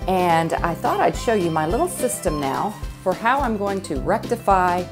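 A woman's voice: fairly low pitch, very animated, moderate pace, music in the background. A woman with a Southern accent giving a chatty, folksy art tutorial, full of fillers and restarts. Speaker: art instructor. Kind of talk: casual demonstration tutorial.

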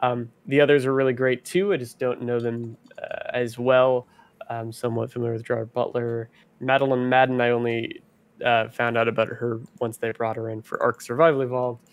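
A young man in his twenties joins a casual livestream chat as a guest. He speaks hesitantly and fills pauses with plenty of ums and uhs. His sound is dry and close, with a slightly low voice. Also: little pitch movement, clear, resonant tone, dry recording. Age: 20s. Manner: hesitant, many fillers.

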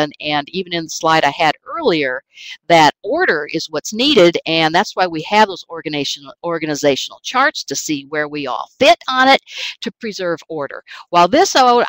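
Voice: medium pitch, fairly bright tone, no echo, rough recording. An online course instructor giving a recorded lecture presentation in a conversational way, with informal asides to the class.

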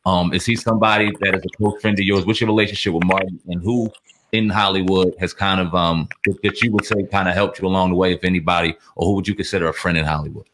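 A man hosting an interview, asking questions in a relaxed, slangy way. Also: low voice, fast talker, slight background noise. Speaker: interview host. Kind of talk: casual interview.

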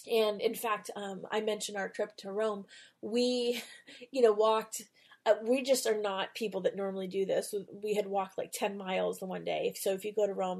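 A woman at a middle pitch talks through a devotional podcast episode. Her voice is soft and mellow, never sharp. She speaks earnestly, in the loose rhythm of personal storytelling, then moves into a quiet spoken prayer. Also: creaky. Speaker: podcast host.

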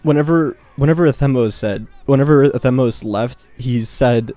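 A man's voice: mid-range voice, steady tone, moderate pace, warm tone, no room sound. A young man giving an emotional farewell to his gaming clan, stammering and choked up as he talks into a desk microphone.

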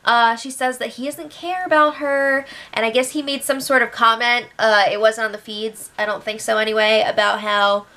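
Young woman, casual recap host, gossipy and chatty, bright tone, slightly high voice. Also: fairly even intonation, normal speed, few pauses. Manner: chatty, gossipy, many fillers and acted quotes.

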